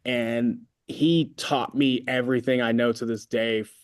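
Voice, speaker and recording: A man's voice: mid-range voice, fairly even intonation, unhurried, clear, resonant tone. Californian metal singer guy chatting in an interview, rambly and filler-heavy. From Concord, California. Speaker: band vocalist, guest. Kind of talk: casual interview chat.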